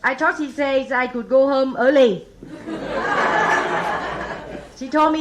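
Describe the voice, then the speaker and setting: A woman's voice: sits high, slow, heavy background noise. A woman from Vietnam with a Vietnamese accent doing a stand-up set of one-liners, chuckling at her own jokes. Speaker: stand-up comedian. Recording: live comedy club crowd laughter.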